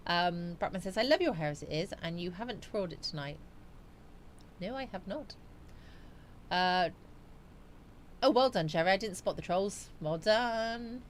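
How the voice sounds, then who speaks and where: A woman's voice: lowish voice, lively intonation, unhurried, long pauses, a little hiss or hum. A woman hosting a casual livestream, reading viewer comments aloud and musing on them in a chatty, rambling way. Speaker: livestream host.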